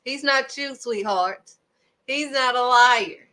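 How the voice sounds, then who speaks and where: Bright-voiced woman preaching casually. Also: fairly high pitch, takes it slowly. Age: adult, raising children. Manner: emphatic, with rhetorical questions. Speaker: host of a devotional video.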